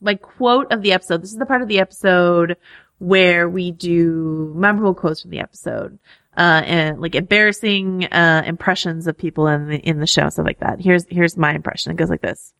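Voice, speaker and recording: A woman's voice: on the low side, brisk, gravelly, a bit bright, no room sound, clean studio sound. A woman co-hosting a podcast, chatting casually with many fillers and frequent laughs. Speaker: podcast co-host.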